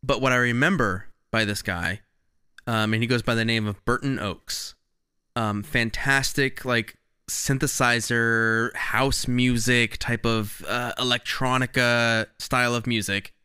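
A man's voice: medium pitch, fairly even intonation, measured pace, sharp tone, smooth, no echo, clean studio sound. A man co-hosting a music podcast, telling a rambling, enthusiastic story in casual chat on a podcast mic. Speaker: podcast co-host. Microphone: podcast microphone.

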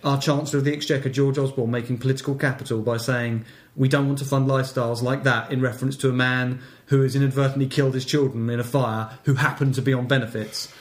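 A man's voice: mid-range voice, steady tone, fast, roomy sound. A man co-hosting a casual comedy podcast, reading local news aloud with dry puns. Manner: wry, reads stories aloud with puns. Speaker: podcast co-host.

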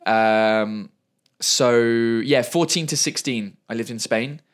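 A man's voice: mid-range voice, slow. A man in his thirties from England with an English accent, a comedian chatting as a guest in an interview. He talks fluently and repeats words when he searches for a phrase. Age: 30s. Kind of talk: casual interview chat.

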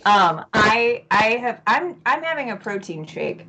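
A woman's voice: a little high, very animated, measured pace, pushed and bright, rough recording. An American woman guest chatting playfully on a podcast, giggly. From United States. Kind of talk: casual chat.

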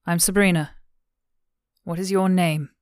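A woman voicing a calm, patient woman officer who questions a prisoner with gentle, coaxing questions in an audiobook. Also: fairly low pitch, unhurried, dry recording, studio quality, close to an everyday voice.

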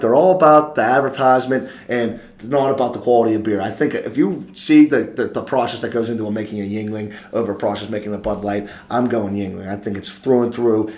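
A man's voice: mid-range voice, fairly quick, few pauses, a little mellow, reverberant. A man co-hosting a casual podcast, talking in a boisterous, playful trash-talking way. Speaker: podcast co-host. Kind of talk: casual chat.

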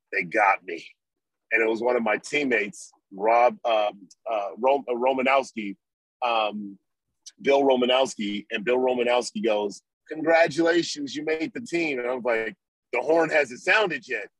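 Husky-voiced former football player telling stories. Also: male voice, mid-range voice, no echo, poor audio. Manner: animated storyteller, acts out his own past thoughts. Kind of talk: storytelling interview.

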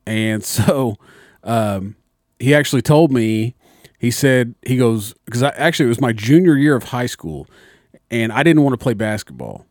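A young, slightly tipsy man tells a long, profane, rambling story in casual chat, acting out voices as he goes. His medium-pitched voice is expressive and darkish, at a moderate pace, captured in a dry, clean studio recording.

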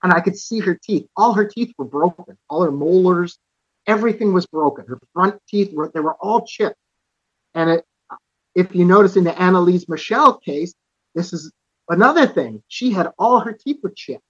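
Earnest storytelling man, slightly high voice. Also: expressive, normal speed, breathy edge, no room sound, lo-fi sound. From Canada. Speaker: podcast guest, author and musician. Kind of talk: personal storytelling in conversation.

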